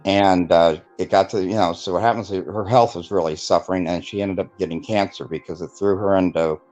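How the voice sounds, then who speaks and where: A man's voice: low voice, fairly even intonation, brisk, a little mellow, highs cut off, soft background music. A man telling his life story in a casual interview, rambling with many fillers and acting out the voices of people he quotes. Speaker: guest telling his testimony.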